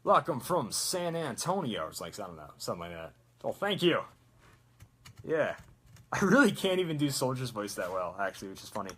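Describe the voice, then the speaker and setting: A man's voice: lowish voice, big pitch swings, brisk, pauses often, fairly bright tone, breathy edge. A man chatting casually while making a prop, rambling with self-mocking jokes. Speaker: prop maker. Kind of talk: casual workshop chat.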